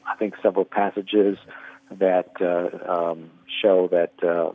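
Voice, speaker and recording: Slow, halting man on a phone line. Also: low voice, level tone. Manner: halting, many fillers. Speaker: caller. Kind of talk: phone-in question.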